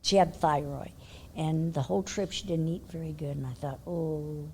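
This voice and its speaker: An older woman from California, a horse trainer, telling a long story in a chatty way, laughing often and dropping to a hush for her inner thoughts. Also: sits low, a little fast, a little hiss or hum. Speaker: interview guest, horse trainer. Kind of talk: casual storytelling.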